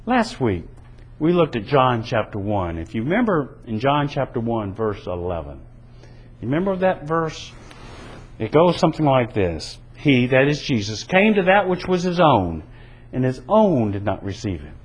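A man's voice: mid-range voice, big pitch swings, normal speed, breathy edge, rough recording. A man preaching a sermon in an earnest, emphatic way, his delivery rising and falling. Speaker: pastor.

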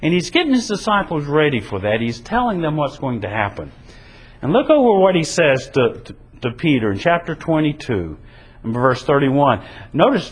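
A man's voice: on the high side, husky, rough recording. A man preaching a sermon in an earnest, emphatic way, his delivery rising and falling. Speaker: pastor.

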